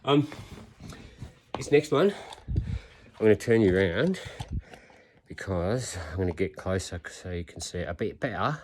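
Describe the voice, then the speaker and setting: Recorded roughly outdoors with slight background noise, a man in his fifties vlogs his workout, counting reps and talking through the routine like a chatty, encouraging coach. His voice is low and darkish, lively in intonation, measured, with long pauses.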